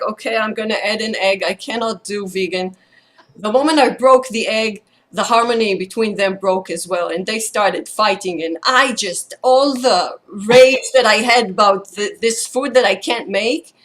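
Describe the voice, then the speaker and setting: A woman's voice: medium pitch, fairly bright tone, rough recording. A woman in her thirties telling a personal story in an earnest, reflective way. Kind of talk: personal storytelling in an online circle.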